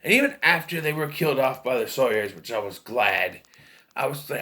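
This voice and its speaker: A man's voice: medium pitch, animated, fairly quick, bright, forceful tone. A man casually reviewing movies, rambling and hesitant, often correcting himself.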